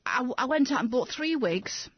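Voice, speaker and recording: A woman's voice: sits high, expressive, normal speed, slightly rough, dry recording. A middle-aged English woman telling her personal story emphatically in an interview, acting out what others said. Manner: emphatic, acts out others' lines when quoting. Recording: dull lo-fi recording.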